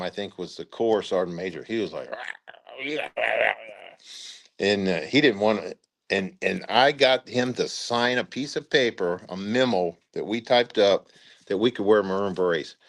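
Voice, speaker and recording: A man's voice: fairly low pitch, normal speed. An older man, a retired army officer, telling rambling anecdotes in a casual interview, full of "uh" fillers and acted-out quotes. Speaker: retired brigadier general telling war stories.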